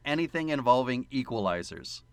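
A man's voice: mid-range voice, very animated, a little fast, clean tone, no room sound. A man co-hosting a casual movie podcast, teasing his co-host and dropping film trivia.

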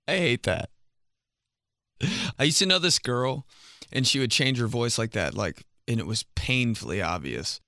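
A man's voice: mid-range voice, very animated, unhurried, sharp tone, dry recording, clean studio sound. A man in his twenties hosting a podcast in casual comedic chat, laughing often and slipping into voices. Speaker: podcast host.

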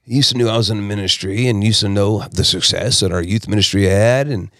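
A man from South Texas, telling his personal story as a podcast guest in an emphatic, animated way. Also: fairly low pitch, fast talker, dry recording, clean studio sound.

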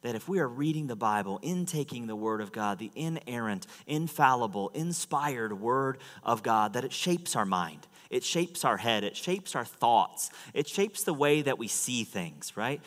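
A man preaching a sermon to a church, rising to loud, high fervent stretches and dropping to quiet asides. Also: lively intonation, normal speed, hardly any pauses. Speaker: pastor. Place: church sanctuary. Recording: long hall reverb.

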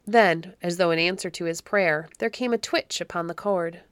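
A woman narrating a classic children's story in a measured, expressive reading. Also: on the low side, clear, resonant tone, no echo, clean studio sound. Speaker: audiobook narrator.

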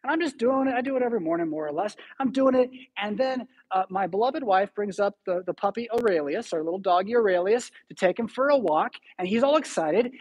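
A middle-aged man preaching a sermon as pastor, telling stories with sudden loud and soft swings. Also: sits high, breathy edge. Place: church sanctuary.

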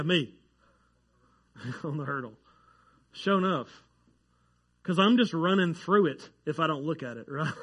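A pastor delivers his sermon with a fairly high-pitched voice. He speaks in a loose, conversational way and jokes with his congregation. He gets worked up when a fact surprises him. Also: pushed and bright. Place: church sanctuary.

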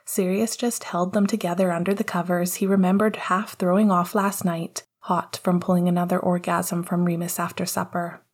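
A woman narrating a story in a calm, intimate reading voice. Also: on the low side, moderate pace, hardly any pauses, breathy edge. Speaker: audiobook narrator. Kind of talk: scripted narration.

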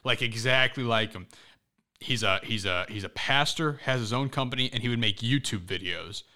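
A young man hosting a podcast, chatting casually and telling stories in an animated, excitable way. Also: medium pitch, moderate pace. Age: young adult. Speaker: podcast host. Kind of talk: casual chat.

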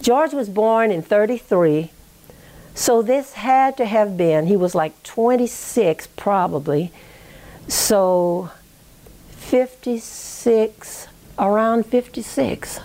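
Speaking slowly in a mellow, mid-range voice with lively intonation, a woman shares family history as an oral history interviewee. She reflects and wanders off topic, sprinkling in "you know" and "okay?".

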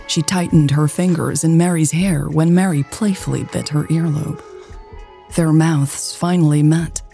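A woman narrating a romance story in a slow, soft, intimate way, with faint music behind. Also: low-pitched, vocal fry, breathy edge.

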